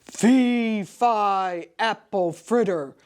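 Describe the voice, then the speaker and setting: A woman voicing a mean, hungry giant in a children's picture book story, booming loudly. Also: very slow, clean tone. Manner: loud, booming chant.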